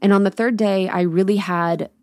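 A woman's voice: mid-range voice, fairly even intonation, moderate pace, darkish tone, no room sound, studio quality. A woman hosting her own podcast alone, telling a personal story candidly and with swearing, and acting out her own thoughts as she goes. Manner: acts out her own inner dialogue. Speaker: podcast host. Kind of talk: solo podcast recap.

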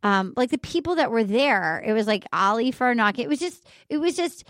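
A woman's voice: a little high, lively intonation, a little fast, a bit bright, no room sound, studio quality. A middle-aged woman hosting a podcast interview in casual chat, eagerly jumping in with questions and rattling off names. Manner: eager, jumps in with questions and name-lists. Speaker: podcast host.

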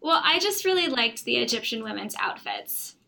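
A woman's voice: fairly high pitch, sing-song, moderate pace, creaky, sharp tone. A woman co-hosting a casual group podcast chat, playful. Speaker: podcast co-host.

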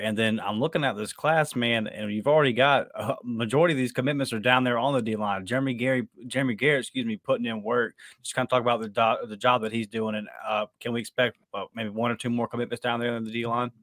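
A man's voice: mid-range voice, fairly even intonation, fast talker, hardly any pauses, a bit bright, no echo. Hyped man hosting a sports podcast. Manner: casual, hyped fan banter. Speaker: podcast host. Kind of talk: podcast interview.

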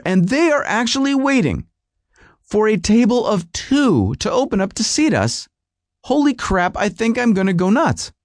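A man's voice: high voice, darkish tone, no room sound, studio quality. A man hosting a podcast, telling a comic story in a whiny, rambling, exasperated way. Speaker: podcast host. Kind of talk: comedic storytelling monologue.

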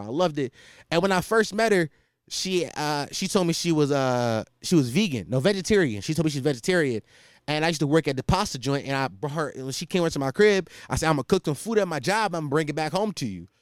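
A young man hosting a podcast, in a casual comedic rant that is profane and animated, and he laughs at his own stories. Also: on the high side, no echo, studio quality. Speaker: podcast host.

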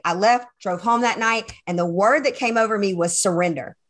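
A woman guest on an interview show, telling a personal story with animated delivery, acting out her own past dialogue and laughing often. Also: fairly high pitch, brisk. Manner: addresses listeners as y'all. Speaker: podcast guest, sales coach.

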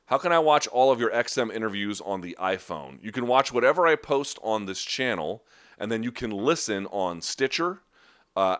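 A man's voice: lowish voice, a bit bright. A man hosting a podcast, casually answering live chat questions in a rambling, conversational way. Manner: rambling, conversational, restarts and asides.

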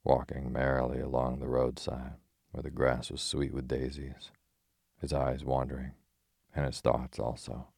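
Very deep, flat male audiobook narrator. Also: gravelly, slightly rough, no room sound, clean studio sound. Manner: measured, steady storytelling.

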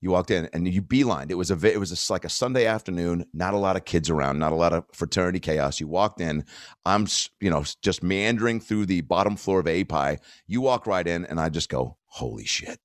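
A man's voice: sits low, fast, no echo, studio quality. A man from the Seattle area hosting a casual interview, telling stories animatedly. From Seattle area, United States. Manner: animated storyteller. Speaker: host.

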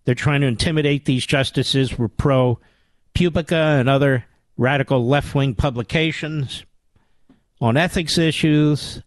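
A man's voice: mid-range voice, measured pace, dry recording. A man hosting a political talk radio show, combative and sarcastic.

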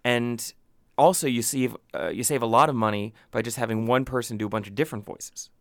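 Podcast co-host, low smooth voice, dry close sound, explains at length, teases dryly. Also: male voice, fairly even intonation, a little fast, no room sound. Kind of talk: casual chat, explaining.

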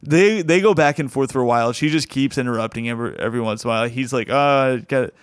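A man's voice: mid-range voice, racing, smooth, no room sound, studio quality. A man hosting a comedy show, telling a funny story in a casual way, laughing as he goes and acting out quotes. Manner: laughs through his own story, acts out quotes.

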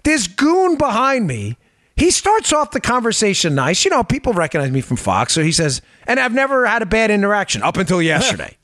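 A man hosting a political talk show, animated and emphatic, sarcastic and quick to laugh. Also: high voice, no room sound, clean studio sound. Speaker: host.

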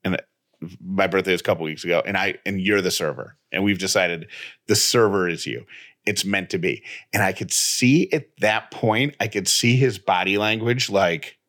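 Man co-host telling a story, low voice. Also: normal speed. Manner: animated, retells with quoted dialogue. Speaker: podcast co-host. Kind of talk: casual storytelling chat.

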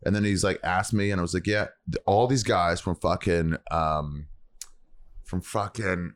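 A man chatting casually on a podcast, telling animated stories and swearing freely. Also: deep voice, a little slow. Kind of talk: casual chat.

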